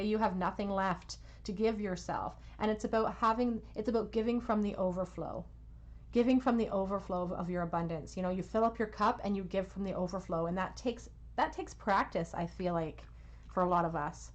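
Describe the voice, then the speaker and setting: Gentle woman giving a tarot reading. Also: mid-range voice, fairly quick, highs cut off. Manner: gentle, soothing, reassuring talk with soft laughs. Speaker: tarot reader. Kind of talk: pick-a-card tarot reading.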